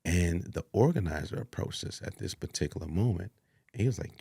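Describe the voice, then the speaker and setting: A man telling an animated story in a sit-down interview, acting out what people said and laughing along. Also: deep voice, brisk, gravelly, breathy edge, no room sound, clean studio sound. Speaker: executive producer.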